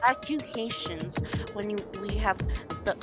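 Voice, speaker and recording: A man voicing a calm, composed young female student in a raised voice, measured and cool. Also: sits high, over music, pitched above the performer's own voice. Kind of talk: fan voice acting of a game.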